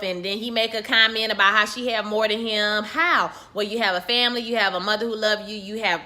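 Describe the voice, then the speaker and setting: A woman giving a casual, sassy recap of a TV episode, full of profanity and animated storytelling as she acts out quoted lines in her own voice. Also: medium pitch, brisk, hardly any pauses. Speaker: TV recap vlogger.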